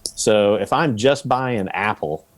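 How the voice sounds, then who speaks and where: A man as a podcast guest, explaining rental investing in a relaxed way with examples and acted-out quotes. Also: on the low side, slow pace. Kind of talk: casual interview talk.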